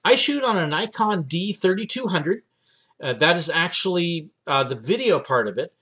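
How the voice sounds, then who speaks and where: A man's voice: high-pitched, animated, normal speed, pushed and bright, slightly rough. A young man from the United States hosting a livestream Q&A from his home office, chatting casually with lots of ums and uhs. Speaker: livestream host answering viewer questions.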